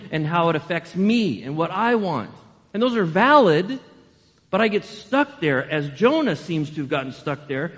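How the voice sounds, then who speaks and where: Guy preaching in church, kinda high voice, lively, asks the crowd stuff, long echo. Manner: animated, rhetorical questions to the congregation. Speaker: pastor. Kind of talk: sermon.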